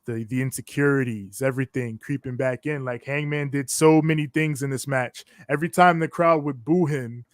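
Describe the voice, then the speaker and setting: A man's voice: mid-range voice, steady tone, normal speed, hardly any pauses, no room sound, studio quality. A man co-hosting a casual wrestling reaction chat, laid-back and agreeable in his talk. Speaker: podcast co-host.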